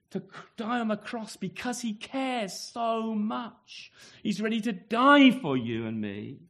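A man preaching a sermon in a conversational way, asking tag questions and acting out the scene. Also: high-pitched. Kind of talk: expository sermon.

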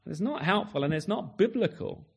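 A man's voice: high-pitched, lively intonation, moderate pace, vocal fry. A man preaching a sermon in an earnest way, often asking his listeners rhetorical tag questions and repeating words as he restarts.

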